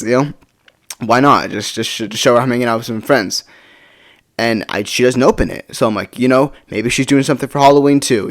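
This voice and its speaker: Teenage boy, casual storytime vlog, rambling, swears a lot, fillers everywhere. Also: mid-range voice. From United States.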